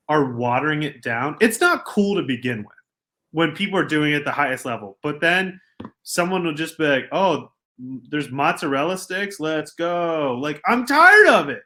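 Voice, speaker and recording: Co-hosting a podcast, this young adult man has a slightly high voice. His casual sports banter turns into rants that swing from quiet asides to loud outbursts.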